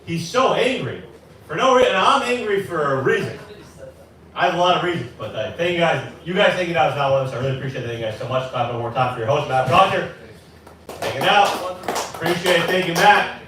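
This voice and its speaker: A man's voice: fairly high pitch, expressive, fast talker, a bit bright, a little hiss or hum. A man in his twenties doing a rambling, self-deprecating stand-up set at an open mic. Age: 20s. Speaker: stand-up comic. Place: small bar with live audience. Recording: very echoey room from far off.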